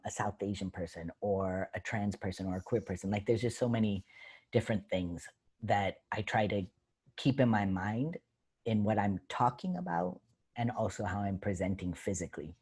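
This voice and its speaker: Animated, chatty man with a lowish voice. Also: breathy edge. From United States. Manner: animated and chatty, full of fillers, acts out his own stage lines. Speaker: comedian guest. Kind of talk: casual Q&A answers. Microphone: video call.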